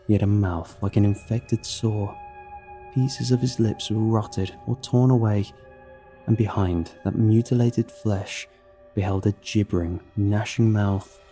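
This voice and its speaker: A man narrates a horror story in a measured, grim way. His voice is low and dark-toned. Faint music runs beneath his words. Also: fairly even intonation.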